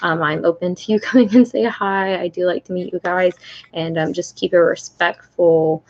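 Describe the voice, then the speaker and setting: A woman's voice: on the low side, fairly even intonation, moderate pace, slight background noise. A young woman chatting casually on a livestream from home, rambling with lots of fillers and restarts. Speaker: service dog handler. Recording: lo-fi livestream audio.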